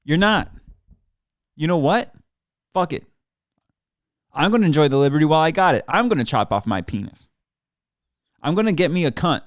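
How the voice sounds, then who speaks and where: A man rants from a small studio room in a heated, mocking streamed monologue, swearing freely. His voice sits a bit high for a man, and the sound is close and dry with no room echo. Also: expressive, normal speed, long pauses. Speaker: drummer streaming a rant. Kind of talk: profane sarcastic rant to camera. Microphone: computer mic while seated.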